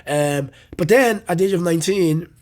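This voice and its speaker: A young male comedian, appearing as an interview guest, tells a personal story in a fairly high voice at a moderate pace. His delivery is animated and loose, full of swearing and restarts.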